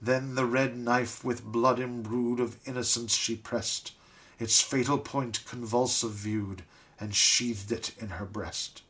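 Slow, solemn male ballad reader. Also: mid-range voice, steady tone, a bit bright. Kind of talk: dramatic poetry recitation.

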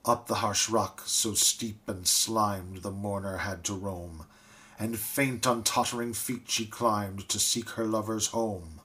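A man reciting a tragic ballad in a solemn, measured, dramatic style. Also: fairly low pitch, pushed and bright. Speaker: reader.

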